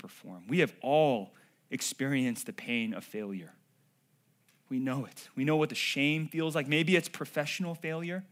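A man preaching a sermon, swinging from loud, emphatic declarations to hushed, quiet passages as he addresses the congregation directly. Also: a little high. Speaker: pastor.

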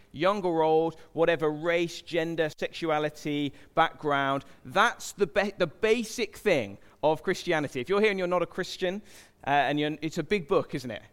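A man's voice: a little high, a bit bright, clear, resonant tone. A man preaching a sermon in a church, chatting with the crowd and asking it questions. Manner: conversational, asks the crowd questions. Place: church hall. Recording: long hall reverb.

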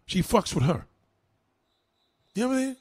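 A man ranting to a live chat as a streamer, loud, heated and profane. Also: high voice, sing-song, moderate pace, husky, no room sound. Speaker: online streamer.

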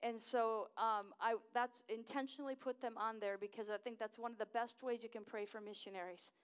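A woman's voice: on the high side, steady tone, fairly quick, clean tone. An American woman in her fifties gives a chatty, enthusiastic missionary talk at a church service, wandering off track and laughing at herself.

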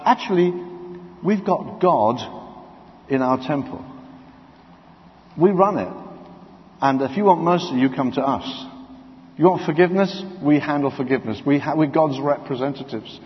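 Preacher in a reverberant hall. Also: male voice, fairly high pitch, moderate pace, pauses often. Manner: animated storytelling, acting out voices and quotes. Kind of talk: sermon. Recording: dull sound, long hall reverb.

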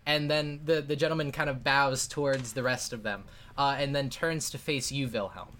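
A man's voice: medium pitch, fairly even intonation, moderate pace, fairly bright tone, a little hiss or hum. A man narrating a tabletop game as game master in a casual, rambling way with many fillers.

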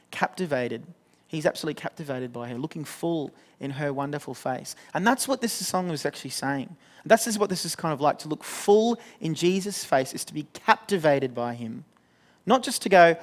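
A young man giving a sermon in an earnest, conversational way, often restarting his sentences. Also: fairly high pitch. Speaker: pastor.

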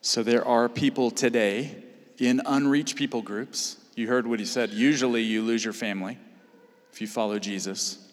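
A man's voice: medium pitch, fairly even intonation, normal speed. A man preaching a sermon in earnest, building to emphatic peaks. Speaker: pastor. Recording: long hall reverb.

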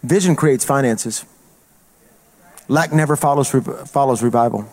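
A man's voice: mid-range voice, a little slow. A male traveling evangelist preaching a sermon in an emphatic, colloquial way, repeating phrases for punch.

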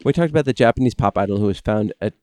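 A man's voice: lowish voice, racing, clear, resonant tone, dry recording, studio quality. A man co-hosting a podcast in casual chat, rambling and restarting his sentences, reading a listener's message. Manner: animated, rambling with many restarts. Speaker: podcast co-host.

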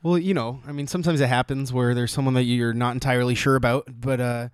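A man's voice: mid-range voice, steady tone, quick pace, smooth, dry recording, studio quality. A man co-hosting a comedy podcast, speaking in an earnest, mock-sincere way. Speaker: podcast co-host. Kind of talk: joking comedy podcast banter.

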